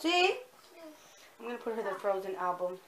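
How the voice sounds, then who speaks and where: A woman's voice: medium pitch, expressive, moderate pace, very noisy. A young woman vlogging casually with her daughter, chatting to her viewers and slipping between English and Spanish, filmed on a handheld phone. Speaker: vlogger mom. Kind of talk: casual home vlog. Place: home and outdoors in the rain.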